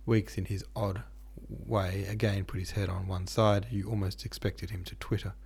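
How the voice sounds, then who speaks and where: A man hosting a podcast, reading a classic novel aloud in steady, measured narration. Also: fairly low pitch, vocal fry, husky. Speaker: podcast host and reader. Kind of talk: audiobook narration.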